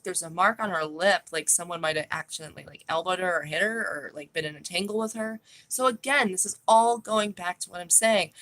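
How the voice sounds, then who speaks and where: A woman delivers an opinionated true crime monologue to her viewers. She is blunt, profane and scornful, and her voice sits a little low. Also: a bit bright. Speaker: vlogger.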